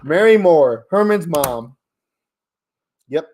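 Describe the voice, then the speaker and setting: A man's voice: fairly high pitch, lively intonation, slow pace, a little mellow, a little hiss or hum. A man co-hosting a podcast, chatting casually over a video call, telling rambling stories and swearing freely. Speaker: podcast co-host. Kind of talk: casual chat.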